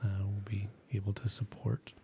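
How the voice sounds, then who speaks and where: A woman's voice: rumbling low, monotone, normal speed, mellow, slight background noise. A woman co-hosting a live painting show, bantering casually and laid-back. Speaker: co-host. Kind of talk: casual chat.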